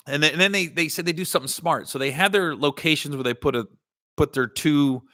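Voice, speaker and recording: A man's voice: a little high, a bit bright, no echo, clean studio sound. A man hosting a comedy podcast in casual storytelling style, rambling and correcting himself, with a slight Ohio Valley twang.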